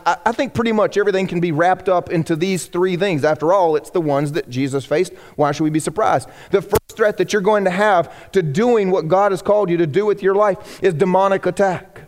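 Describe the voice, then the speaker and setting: A man preaching a sermon as pastor, animated and acting out the people he quotes. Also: sits high, long reverb tail. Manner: animated, acts out quoted voices. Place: church sanctuary.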